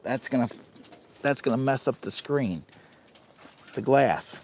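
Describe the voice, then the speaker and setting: A man's voice: medium pitch, a little slow, a little mellow, slight background noise. Chatty man rambling on a live stream. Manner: rambling, chatty, laughs often at himself. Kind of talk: casual live-stream chat. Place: heated tent at a winter campsite at night.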